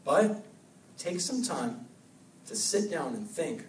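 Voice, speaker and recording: A young man giving an energetic youth sermon, urging with short repeated commands. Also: a little high, takes it slowly, pauses often, slight background noise. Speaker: youth pastor. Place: church hall. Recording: echoey hall, mic from a distance.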